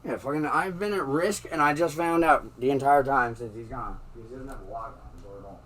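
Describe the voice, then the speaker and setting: A man's voice: medium pitch, a little fast, fairly bright tone, distant mic, low-quality recording. A man in a heated, swearing rant about his landlord, recorded in his bedroom. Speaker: tenant in a dispute. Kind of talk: angry rant to camera. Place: bedroom at home.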